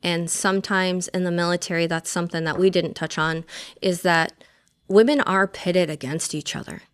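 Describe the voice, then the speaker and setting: A woman's voice: fairly low pitch, steady tone, moderate pace, clear, resonant tone. A woman Army veteran telling her personal story as a podcast guest, speaking frankly with lots of fillers and some casual swearing.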